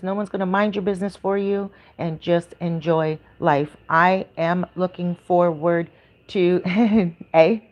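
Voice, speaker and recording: A lowish-voiced Canadian woman, heard through a muffled recording, hosts a livestream as a YouTuber. Her casual talk is upbeat and rambling, peppered with ums and restarts.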